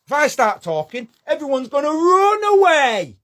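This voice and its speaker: A man's voice: very high voice, big pitch swings, moderate pace, fairly bright tone. A man ranting angrily to camera, swearing and confrontational. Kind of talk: angry video rant.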